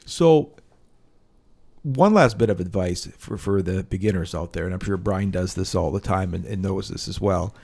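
A man's voice: sits low, normal speed, creaky, a little mellow, slightly rough. A man co-hosting an advice podcast, telling stories bluntly in casual chat and laughing now and then. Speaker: podcast co-host.

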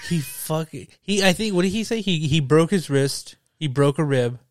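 A man's voice: a little high, animated, normal speed, dry recording, clean studio sound. A man co-hosting a podcast in casual chat, laid-back, swearing and laughing along. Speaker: podcast co-host.

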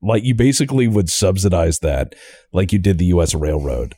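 A man hosting a casual podcast chat, animated and acting out little quoted exchanges. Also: low-pitched, a little fast, breathy edge, no room sound. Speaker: podcast host.

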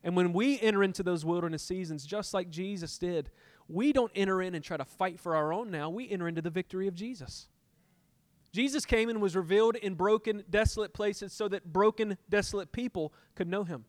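A man's voice: high-pitched, a little fast, no room sound. Impassioned storytelling pastor, man. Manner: storytelling, acts out dialogue with God, rising to impassioned peaks. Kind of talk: sermon.

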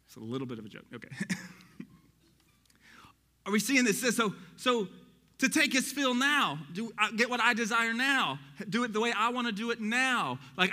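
A man in his thirties preaches to his congregation with a high, very bright voice. He talks in an animated way, dropping joking asides between verses. The sound carries a long reverb from a large hall. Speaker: pastor. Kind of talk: sermon.

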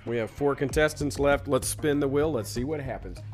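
A man's voice: medium pitch, fairly quick, soft background music. A man co-hosting a podcast, chatting casually and reading out rhymed verses in a playful, sing-song way. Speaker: podcast co-host.

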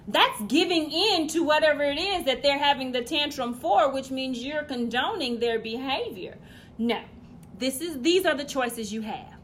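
A woman delivering a profane comedic rant, loud and blunt, swinging between shouting and muttering asides. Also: sits high, animated, moderate pace, slight background noise.

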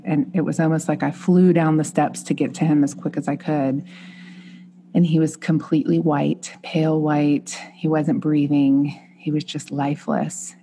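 A woman's voice: low-pitched, dark tone, a little hiss or hum. A woman in her thirties, a mother and podcast guest, earnestly telling a heartfelt personal story in conversation.

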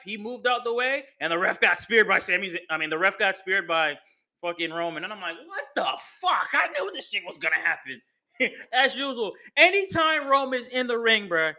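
Bright-voiced man recapping wrestling. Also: high voice. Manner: profane, slangy, excitable. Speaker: podcast host.

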